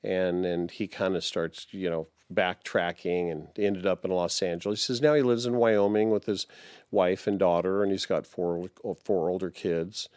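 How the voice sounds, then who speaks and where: A man in his sixties recounts old stories in a relaxed interview, wandering from detail to detail with plenty of fillers. His voice sits low, and the studio sound is dry and close. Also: normal speed, clear, resonant tone, no echo. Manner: rambling, anecdotal, many fillers. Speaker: guest musician and author. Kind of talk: casual interview storytelling.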